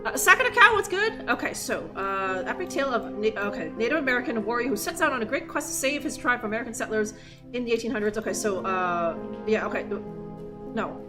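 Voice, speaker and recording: A woman's voice: medium pitch, quick pace. A young woman streaming a game live, rambling, swearing and interrupting herself as she plays. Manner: rambling, profane, self-interrupting. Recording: music playing behind voice.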